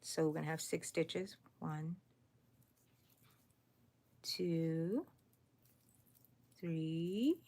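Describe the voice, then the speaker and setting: A woman hosting a live crochet stream, chatting casually with viewers while she works and counting her stitches out loud. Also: low-pitched, drawn-out words, pauses often. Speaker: crochet channel host. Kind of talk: live crochet tutorial chat.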